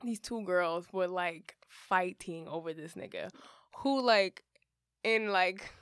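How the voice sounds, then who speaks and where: A woman's voice: fairly low pitch, slow, a bit bright, clear, resonant tone, no echo, studio quality. A young woman co-hosting a podcast, telling stories in casual slang and laughing often. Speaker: podcast co-host. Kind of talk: casual chat.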